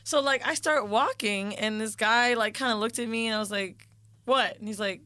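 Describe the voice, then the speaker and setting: A woman's voice: fairly high pitch, moderate pace, bright, forceful tone, no room sound. A woman co-hosting a podcast and telling a story in casual chat, frank and profane, acting out other people's lines. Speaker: podcast co-host.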